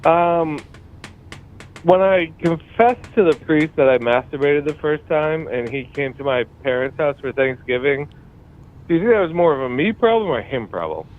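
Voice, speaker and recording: A man calls in with a goofy, joking question in a slightly high voice. The call audio is dull and lo-fi, with a faint hum. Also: expressive, moderate pace. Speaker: caller.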